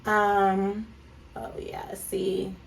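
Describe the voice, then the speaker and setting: Her pitch is medium but swoops wildly, her pace is extremely slow, and her voice has vocal fry. She's a thirtysomething Californian vlogger and clothing brand owner, chatting candidly over her makeup and calling viewers "child", "baby" and "honey", picked up by a slightly distant mic with faint background noise.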